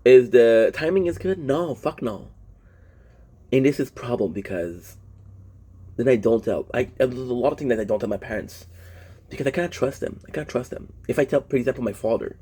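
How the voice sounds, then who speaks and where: Speaking in a warm, slightly rough mid-range voice, a young man who grew up speaking French rants casually to his vlog audience. He's animated and fairly quick, swearing frequently, rambling frankly, and starting his sentences over again and again.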